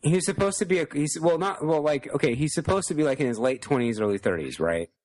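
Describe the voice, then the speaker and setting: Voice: mid-range voice, animated, quick pace, darkish tone. A podcast co-host chatting casually, often rambling and correcting themselves mid-sentence. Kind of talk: casual group chat.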